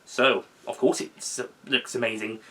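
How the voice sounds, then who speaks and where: A young man talking casually in an unscripted video, rambling, correcting himself and filling pauses with um. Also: medium pitch, fairly even intonation, fairly bright tone. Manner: rambling, with fillers and self-corrections. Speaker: video host ranking seasons.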